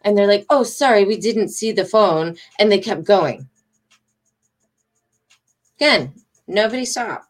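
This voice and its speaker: A woman's voice: mid-range voice, expressive, measured pace, pauses often. A middle-aged woman telling a story casually to her followers, agitated, emphatic and rambling, with swearing. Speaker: vlogger.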